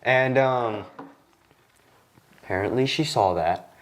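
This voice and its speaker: A young man hosting a podcast in a studio, telling a casual work story and acting out the people in it with sudden jumps in his voice. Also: takes it slowly. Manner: animated, acts out quoted lines with jumps in pitch. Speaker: podcast host.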